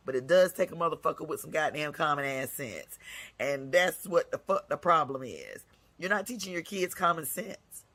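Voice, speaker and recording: A woman's voice: sits low, fairly bright tone. Fierce, foul-mouthed woman ranting. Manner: blunt, scolding, heavy cursing. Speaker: segment host. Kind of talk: profane ranting monologue.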